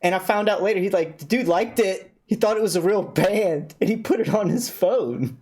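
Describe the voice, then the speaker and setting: A man's voice: sits high, expressive, moderate pace, darkish tone. A man hosting a livestream, chatting casually with strangers and repeating words as he thinks. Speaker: livestream host. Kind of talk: casual chat on a video-chat stream.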